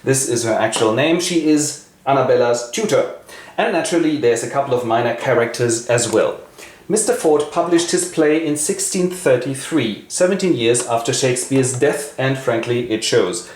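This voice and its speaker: A man's voice: mid-range voice, animated, normal speed, a little mellow. A man narrating a play summary as host, with dry, ironic asides. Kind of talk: wry scripted literary retelling. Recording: echoey room, faint hiss.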